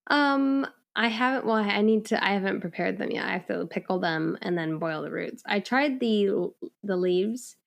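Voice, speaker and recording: A woman in her thirties co-hosting a podcast in casual chat, upbeat and quick to laugh. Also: mid-range voice, vocal fry. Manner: upbeat, giggly. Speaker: podcast co-host.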